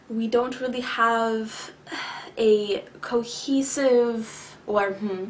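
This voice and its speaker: Slow, deliberate woman vlogger. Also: a little high. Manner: deliberate, enunciated, with long pauses; frequent filler words and throat-clearing. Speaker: vlogger answering viewer questions. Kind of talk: casual explanatory talk to camera.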